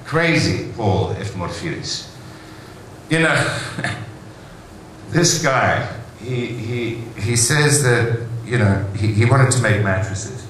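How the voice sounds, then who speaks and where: A man's voice: medium pitch, animated, takes it slowly, fairly bright tone. Enthusiastic man speaking in a very echoey hall. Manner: enthusiastic storytelling, rhetorical asides. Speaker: conference speaker. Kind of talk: conference keynote speech. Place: large conference hall. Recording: very echoey hall, faint noise.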